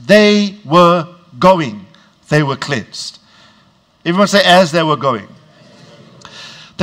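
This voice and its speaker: With lively intonation and a fairly high voice, a preacher speaks in a measured, drawn-out rhythm. He draws his congregation into call-and-response, rising to shouts on important words.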